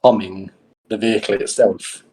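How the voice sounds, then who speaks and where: A man playing a tabletop game who cuts in loudly, stumbling and repeating words. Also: fairly low pitch, steady tone, moderate pace. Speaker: player.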